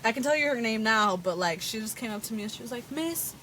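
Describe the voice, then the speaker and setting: A woman guest talks casually on a podcast, laughing easily between thoughts. Her voice sits a little high, with a faint hiss of background noise. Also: expressive, fast, sharp tone. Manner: laughing, chatty. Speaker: guest, musician and teacher. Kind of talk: casual chat.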